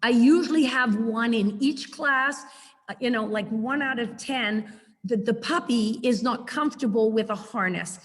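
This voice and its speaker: A woman's voice: on the high side, measured pace, in a large hall. A middle-aged woman teaching a puppy training class on a video call, chatty and acting out her corrections to the dog. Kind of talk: online class lecture.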